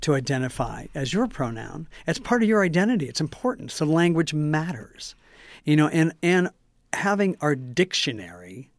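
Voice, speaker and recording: A man's voice: a little high, big pitch swings, normal speed, no room sound. A man co-hosting a talk show, chatting casually and often restarting his phrases. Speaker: co-host.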